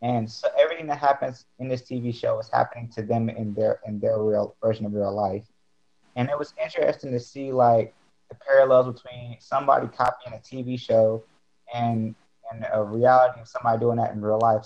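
A man's voice: medium pitch, fairly even intonation, vocal fry, darkish tone. A man chatting casually in a group call, rambling and restarting his sentences often. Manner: rambling, halting, many restarts. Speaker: podcast participant. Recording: muffled lo-fi mic.

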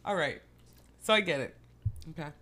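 A woman's voice: sits low, lively intonation, moderate pace, bright, forceful tone, a little hiss or hum. A woman co-hosting a casual podcast chat, joking, laughing often and rambling between topics. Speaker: podcast co-host.

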